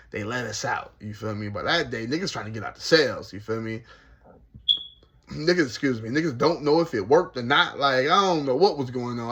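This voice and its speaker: A man telling a casual story about his time in prison, slangy and animated, laughing often. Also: mid-range voice, slightly rough.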